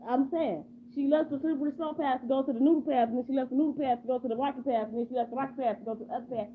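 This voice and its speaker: A woman's voice: high-pitched, steady tone, racing. A woman improvising a rambling, repetitive story casually and asking her listeners questions. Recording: tinny phone-like, faint hum.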